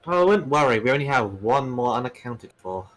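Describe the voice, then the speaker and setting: A man's voice: mid-range voice, lively intonation, normal speed, fairly bright tone, soft background music. Blunt, impatient man at a game table. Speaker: player.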